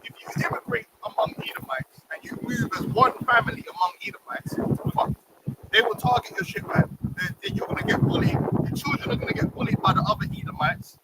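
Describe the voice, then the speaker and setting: A man's voice: extremely high pitch, wildly swooping pitch, fairly quick. A man hosting a livestream discussion, emphatic and preachy, using street slang. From England. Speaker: livestream host. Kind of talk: heated casual discussion. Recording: distant mic, noisy room.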